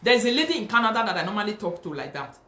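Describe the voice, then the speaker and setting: A woman's voice: medium pitch, sing-song, very fast, sharp tone. Nigerian lady doing a live talk stream, preachy, says everything twice, roomy echo on the mic. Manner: emphatic and preachy, mixing Pidgin and English, repeating points. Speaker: host of a live talk show. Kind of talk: live-stream commentary, reading viewer comments.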